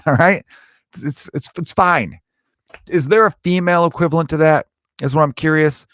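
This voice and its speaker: A man's voice: a little high, moderate pace, fairly bright tone, no room sound, studio quality. A man in his thirties, a comedian hosting his own podcast, riffing in a rambling, profane monologue and acting out quoted voices.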